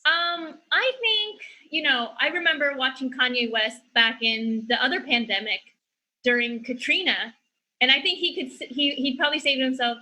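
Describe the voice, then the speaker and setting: A female comedian on a video call who tells her jokes deadpan, with small hesitations. Her voice is high and bright. The tone is casual banter. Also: moderate pace, rough recording. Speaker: comedian guest.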